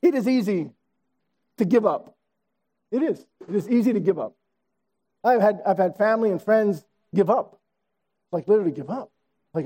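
A man in his sixties preaches with a high voice and a mellow, dark tone. He tells stories in an animated way and comes back to key phrases again and again. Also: moderate pace, pauses often, slightly rough. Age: 60s. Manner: storytelling, animated, repeats phrases for emphasis. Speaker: pastor. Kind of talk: sermon.

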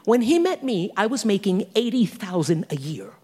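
A woman in her sixties preaching a sermon, animated, with teasing asides and laughter. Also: medium pitch, moderate pace, breathy edge. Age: 60s. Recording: long hall reverb.

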